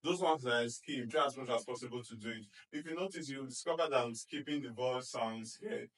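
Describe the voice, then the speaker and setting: A reading teacher gives a phonics lesson, slowly sounding out letters, often praising with "fantastic" and checking in with repeated "okay?" and "do you understand?". His mid-range, fairly bright voice is recorded from a distance, and the quality is low.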